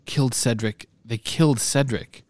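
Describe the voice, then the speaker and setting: A man reading aloud and voicing a shaken, injured teenage boy who mutters quietly. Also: mid-range voice, normal speed, no echo, lightly acted. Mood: dazed. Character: shaken teenage boy hero, hurt and dazed.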